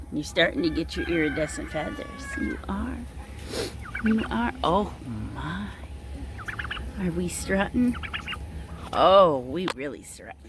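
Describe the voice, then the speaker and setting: A woman on her small farm, filming on her phone as she coos and dotes over her turkeys, slipping into soft laughs and whispers. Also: on the low side, noisy background. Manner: cooing and doting, breaking into soft laughs and whispers. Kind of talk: casual talk to her animals on camera. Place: outdoors on a farm among poultry.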